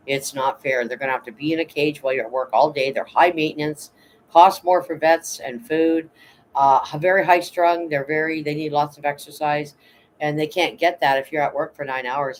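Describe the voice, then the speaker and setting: Over poor audio with a bit of hiss or hum, a tired man with a slightly high voice chats casually on a livestream. The vlogger reads out his live chat, rambling and blunt, with the occasional swear.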